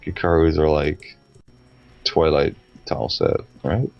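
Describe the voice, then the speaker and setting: A man's voice: very deep voice, steady tone, unhurried, vocal fry, music in the background. A young man casually commentating a video game match with teasing, profane banter. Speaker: esports commentator.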